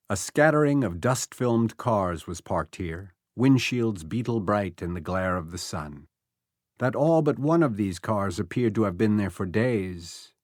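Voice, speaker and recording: A man narrating an audiobook thriller in a measured, expressive storytelling manner, recorded close on a studio mic. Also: on the low side, no room sound. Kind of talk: scripted narration.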